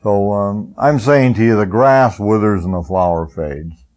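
A man's voice: on the low side, unhurried, darkish tone, low-quality recording. An older man preaching a folksy, rambling sermon, telling homespun stories between points. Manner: folksy, rambling storyteller with chuckles.

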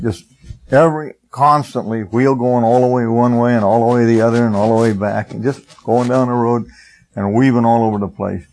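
Gravelly, husky older preacher. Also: male voice, fairly low pitch, darkish tone, poor audio. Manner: folksy, rambling storyteller with chuckles. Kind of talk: sermon.

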